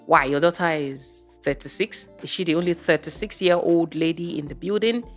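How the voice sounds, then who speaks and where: A woman's voice: low voice, normal speed, faint music behind. A woman telling a story on her vlog in a chatty, exasperated way, full of rhetorical questions. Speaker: vlogger. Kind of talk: casual storytelling monologue.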